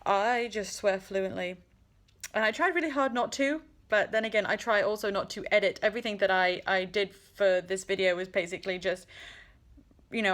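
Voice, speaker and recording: A woman's voice: mid-range voice, a bit bright. A woman vlogger giving casual, exasperated commentary on a horror movie, sarcastic and swearing freely. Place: indoors at home.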